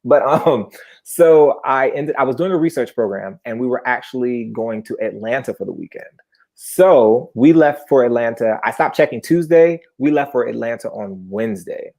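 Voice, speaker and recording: This man, in his twenties, narrates a personal story live with a creaky voice at a moderate pace. He's chatty and animated, with sudden high-pitched bursts.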